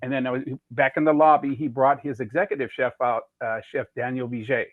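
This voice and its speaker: Middle-aged man from California, chef guest, rambling storyteller who acts out quotes; mid pitch, tinny phone-like sound, dry. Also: fairly even intonation, a little fast, dry recording. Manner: rambling anecdotes with quoted dialogue. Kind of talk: casual storytelling interview.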